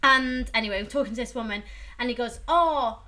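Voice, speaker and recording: Bubbly high-voiced woman podcaster. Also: fast. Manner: giggly, animated storyteller. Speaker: podcast co-host. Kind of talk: casual podcast chat.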